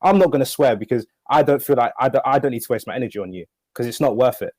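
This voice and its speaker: Fast-talking nineteen-year-old man. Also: mid-range voice, a little mellow, no echo. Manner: earnest, indignant, restarts often. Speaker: panel member. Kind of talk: stream call-out.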